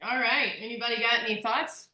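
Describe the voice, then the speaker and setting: A woman's voice: on the high side, steady tone, brisk, bright, forceful tone, reverberant. A woman hosting a casual group video call, chatty and upbeat, laughing often. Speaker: workshop host.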